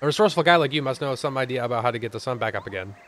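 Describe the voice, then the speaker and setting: A man voicing a gentle, grateful female lily flower in a sweet, raised voice while reading game dialogue. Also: medium pitch, lively intonation, very fast, close to an everyday voice.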